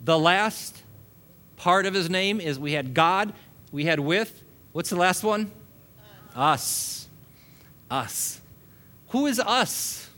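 A man's voice: a little high, animated, slow pace, long pauses, bright, forceful tone. A male pastor preaching a sermon to a congregation, building long repeated lists and chuckling often between points.

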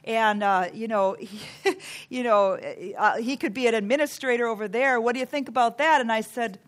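A woman's voice: on the high side, moderate pace. A woman preaching a sermon, earnest and emphatic, counting off numbered points.

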